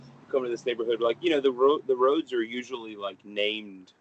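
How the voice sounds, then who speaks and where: A man's voice: medium pitch, steady tone, brisk, muffled recording. A young adult man narrating a tabletop game as game master, in a casual, rambling way full of fillers.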